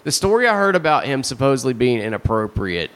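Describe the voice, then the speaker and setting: A man's voice: mid-range voice, quick pace. A man co-hosting a podcast in casual chat, swearing and going off on rants. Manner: animated, swearing, ranting on tangents. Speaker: podcast co-host.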